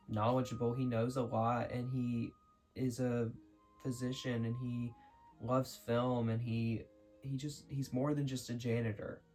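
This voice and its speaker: A man's voice: mid-range voice, darkish tone. Rambling man over faint background music. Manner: rambling, restarts often, scattered. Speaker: vlogger explaining a film. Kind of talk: casual unscripted commentary.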